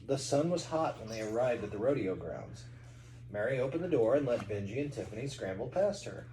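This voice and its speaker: A man's voice: mid-range voice, lively intonation, fairly quick, dark tone, roomy sound, a little hiss or hum, rough recording. A man from Kentucky, a parent reading a storybook aloud to a child at home, with chatty asides.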